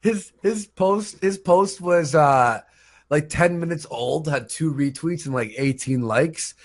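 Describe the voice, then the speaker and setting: Man, slightly high voice, rambling, casual stream host. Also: slow. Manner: rambling storytelling with fillers. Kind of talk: casual live-stream chat.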